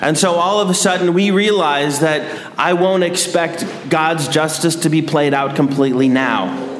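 A man giving a sermon as a priest, measured and dryly humorous. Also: a little high, fairly bright tone, a little hiss or hum. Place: large church. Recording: echoey church hall.

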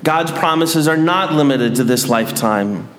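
A man giving a sermon as a priest, measured and dryly humorous. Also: fairly high pitch, lively intonation, noisy background. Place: large church. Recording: echoey church hall.

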